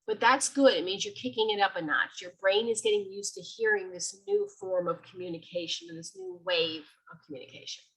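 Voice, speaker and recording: Husky, chatty woman giving a talk. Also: mid-range voice, low-quality recording. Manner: chatty, animated, acts out sounds. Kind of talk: informal library talk.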